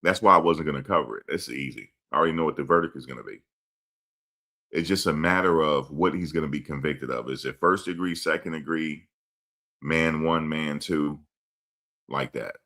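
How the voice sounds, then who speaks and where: A man's voice: extremely low pitch, moderate pace, bright, forceful tone. A man hosting a casual commentary show, blunt and emphatic, repeating his points. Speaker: host.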